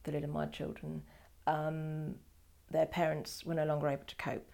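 An older woman with a low, gravelly voice tells her own story in an interview. She talks in a wry, digressive way, breaking off and correcting herself as she goes. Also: completely flat delivery, normal speed, darkish tone. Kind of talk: oral history interview.

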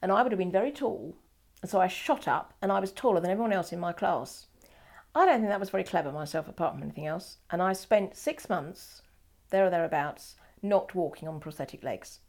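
An older woman with a low, gravelly voice tells her own story in an interview. She talks in a wry, digressive way, breaking off and correcting herself as she goes. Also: a little fast, a little mellow. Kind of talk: oral history interview.

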